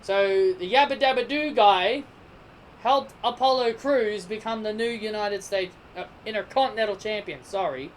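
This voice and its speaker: Casting note: casual wrestling reviewer, mid-pitched, prone to heated rants, with faint background hiss. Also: normal speed. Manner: animated, gets heated and emphatic in rants; self-correcting, sidetracked chatter.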